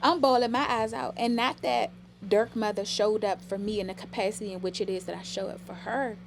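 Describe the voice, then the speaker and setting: A woman's voice: medium pitch, fairly even intonation, fairly quick, a little hiss or hum. A middle-aged woman telling personal stories with emotion in a casual podcast conversation. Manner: emotional, storytelling. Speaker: podcast guest.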